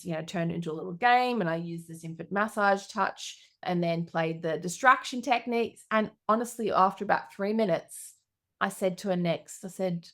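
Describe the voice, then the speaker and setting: A middle-aged woman, a coach telling stories on her podcast with lively, animated delivery. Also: normal speed. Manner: lively, animated storytelling with big pitch jumps. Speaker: business coach. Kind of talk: storytelling podcast monologue.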